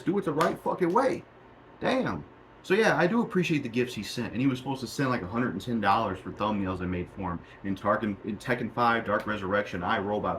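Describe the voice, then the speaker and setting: A man's voice: medium pitch, slight background noise, low-quality recording. A young man in a heated, profane rant to the camera, recorded on a cheap mic in a small room at home. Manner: profane, heated, repetitive ranting. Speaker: YouTuber.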